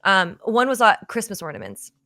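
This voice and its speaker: Woman, podcast host, bright tone, dry close sound, earnest casual storytelling. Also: mid-range voice, sing-song, normal speed, no echo. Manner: earnest storytelling, heavy with fillers like "you know".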